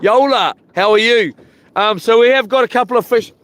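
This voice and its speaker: A man's voice: extremely high pitch, moderate pace, fairly bright tone. A man chatting casually on a live fishing stream, laid-back and slangy. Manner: laid-back, slangy, chuckling at his own jokes. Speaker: fishing vlogger. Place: outdoors by the water.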